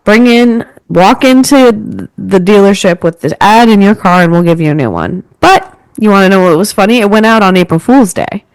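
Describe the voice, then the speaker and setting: Twentysomething woman chatting on a podcast over a call, mid pitch, super dry mic, lots of likes and ums. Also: normal speed, hardly any pauses, smooth, no room sound, rough recording. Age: 20s. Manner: animated, chatty storytelling with lots of fillers. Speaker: podcast co-host. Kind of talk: casual podcast chat.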